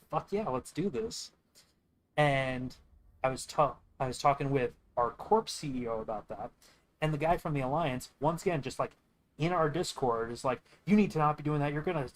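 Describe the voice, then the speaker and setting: A man's voice: medium pitch, low-quality recording. Young male streamer, casual and profane, tells a long rambling story while playing. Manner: rambling, profane, quotes others mid-story.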